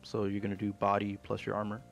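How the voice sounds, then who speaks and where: A young man acts as game master, walking players through rules in a low, gravelly voice. His delivery stays flat and even, with casual fillers. Faint music plays underneath. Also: fast. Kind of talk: running a tabletop game online.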